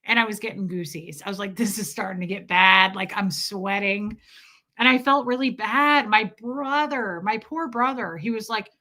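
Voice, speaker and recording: A woman's voice: mid-range voice, moderate pace. A young woman livestreaming, telling a story in casual chat and acting out what people said, often breaking into laughter. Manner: animated, acts out quotes with laughs.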